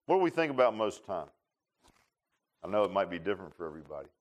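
A man's voice: low voice, racing. A man preaching a folksy sermon, joking with his congregation and calling on people by name. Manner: folksy, animated, laughing, talks to congregation by name. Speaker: pastor. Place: church sanctuary.

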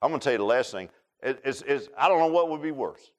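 A man's voice: mid-range voice, animated, quick pace. A middle-aged man preaching a folksy sermon, telling personal stories in a chatty, drawling way, often repeating words and laughing at his own tales. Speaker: pastor.

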